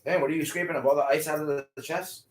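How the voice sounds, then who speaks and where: A man's voice: fairly high pitch, steady tone, racing, slight background noise. A man in a casual late-night chat, laid-back, asking questions and hedging with "like". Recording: echoey room, mic far off.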